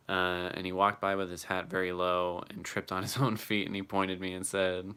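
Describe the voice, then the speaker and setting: A man's voice: low voice, completely flat delivery, normal speed, bright, forceful tone, clean tone. A man chatting casually on a live stream and answering his chat, laughing often and swearing freely.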